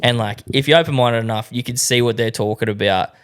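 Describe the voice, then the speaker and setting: A man's voice: mid-range voice, fast, clear, resonant tone. A young Australian man co-hosting a podcast, telling travel stories in sweary casual chat and acting out what people said. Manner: sweary storytelling, acts out quotes, laughs often. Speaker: podcast co-host.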